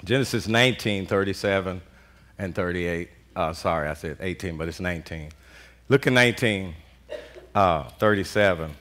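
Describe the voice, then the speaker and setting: A man preaching a sermon as pastor, in animated call-and-response style with constant "Amen" and casual vernacular with "y'all". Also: low voice, normal speed. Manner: Southern US Black vernacular speech, "y'all".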